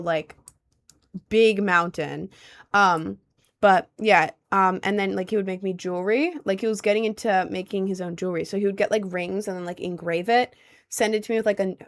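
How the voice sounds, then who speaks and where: A young woman streaming casually, answering viewer questions in a rambling way, filled with "like" and "um". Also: mid-range voice. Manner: rambling, heavy use of "like" and "um".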